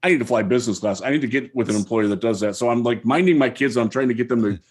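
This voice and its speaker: This podcast co-host, recording from home, breaks down football plays in thoughtful detail during a casual conversation. He has a medium-pitched, slightly rough voice and talks very fast.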